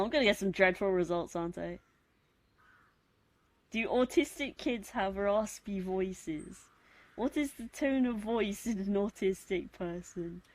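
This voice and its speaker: A woman with a posh British accent and a husky, deepish voice, chatting casually on a late-night stream in a rambling, giggly, self-mocking way. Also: dry recording. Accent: posh British English. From Britain. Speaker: live streamer.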